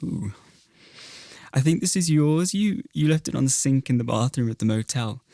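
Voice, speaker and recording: A man's voice: mid-range voice, lively intonation, normal speed, dark tone, dry recording, studio quality, natural voice. An English man voicing a flippant young Valley Girl in a breezy, drawling, sing-song way, recorded in a closet. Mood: coy.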